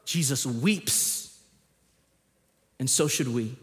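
A man, his fairly high voice ringing out with a long hall reverb. He tells stories with lively energy, then drops to a hush before building back to loud emphasis. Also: moderate pace. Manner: animated storytelling, jumps between hushed reading and loud emphasis. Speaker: pastor. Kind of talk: sermon. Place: church auditorium.

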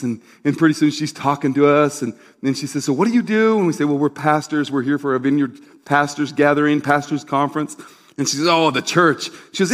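A middle-aged male pastor preaching in an easy, conversational way, his voice sitting a little higher than most men's. He tells a story with quick asides and calls out to the congregation for answers. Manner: asks the crowd for responses. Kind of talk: sermon.

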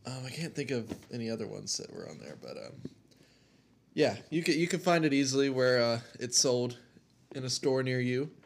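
A man's voice: medium pitch, expressive, moderate pace, vocal fry. Upbeat man cohosting a podcast. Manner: upbeat, jokey, talks while eating. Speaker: podcast co-host. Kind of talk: casual chat, ice cream tasting.

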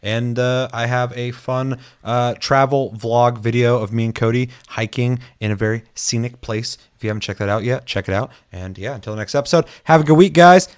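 A man's voice: mid-range voice, steady tone, fairly quick, hardly any pauses, clean tone. Laid-back young man swearing through a podcast. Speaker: podcast host. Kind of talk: casual gaming podcast chat.

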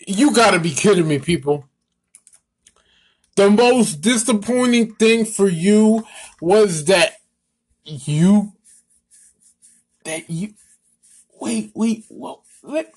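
An exasperated man hosts his own sports talk show, ranting at length with a sarcastic edge. He talks at a slow, drawn-out pace, piling on mock disbelief. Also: sits high, husky. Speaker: sports podcast host.

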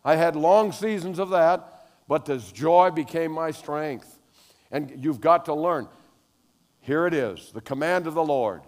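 A man's voice: a little high, moderate pace. Older male pastor preaching in a reverberant hall. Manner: animated storytelling, rising to loud exclamations. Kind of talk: sermon with personal stories.

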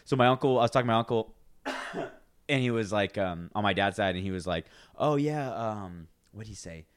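A man's voice: fairly low pitch, expressive, moderate pace, no echo, clean studio sound. A man in his twenties, co-hosting a podcast in casual chat, rambling with restarts and acting out what people said. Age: 20s. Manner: rambling, restarts, acts out quoted voices. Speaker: podcast co-host.

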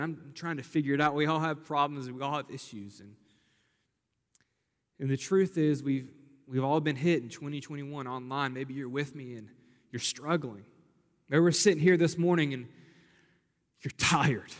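A young pastor delivers his sermon with earnest, conversational warmth, circling back on key phrases. His voice sits a little high for a man. The sound carries a long reverb tail, like a large sanctuary. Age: young adult. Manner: earnest, conversational preaching with repetitions. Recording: hall reverb.

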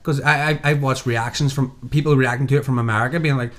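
A man's voice: mid-range voice, fairly even intonation, fast, a bit bright. A young man with a Northern Irish accent in casual chat, rambling, swearing and acting out what people say. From Northern Ireland. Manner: rambling, sweary, acts out quotes.

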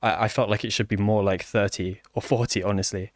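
Male software developer, low voice, dry close sound, halting casual talk full of fillers. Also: steady tone, no echo. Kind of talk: casual conversation.

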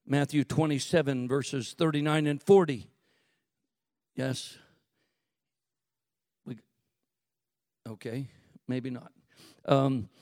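High-voiced preaching man, swinging to shouts. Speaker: pastor. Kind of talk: sermon.

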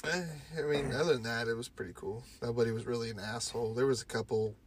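A man in a loose, profane podcast chat, his voice sitting at an average pitch. He tells rowdy stories and keeps cracking himself up. A faint hum of the room stays in the background. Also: fairly even intonation, fast talker. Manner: joking, swears freely, breaks into laughter. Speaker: podcast co-host. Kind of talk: casual crude banter.

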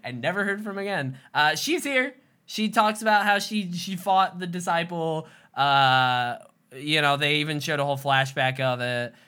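Woman co-host rambling through her episode notes, bright tone, animated, swears a lot. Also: low-pitched, normal speed, smooth. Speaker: podcast co-host. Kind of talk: casual chat recapping a TV episode.

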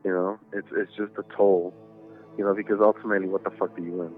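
A man's voice: deep voice, level tone, fast. A man telling a long story in casual chat, rambling, swearing often and filling gaps with "you know". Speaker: podcast guest. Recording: tinny phone-like line with faint music.

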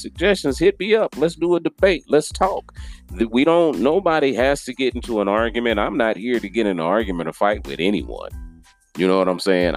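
An extremely low-pitched man records a casual solo podcast. He talks earnestly and apologetically, restating his points again and again, and a faint bed of music runs behind him.

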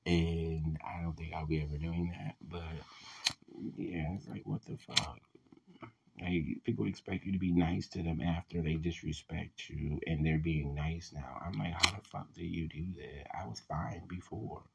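A man ranting in a casual voice message, venting with heavy profanity and many fillers, getting loud and heated at times. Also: low-pitched, fairly even intonation, unhurried, creaky, breathy edge, dull audio. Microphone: voice message recording.

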